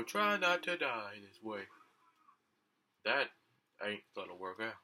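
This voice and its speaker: A man giving casual gameplay commentary, jumping between low muttering and high excited yelps and swearing often.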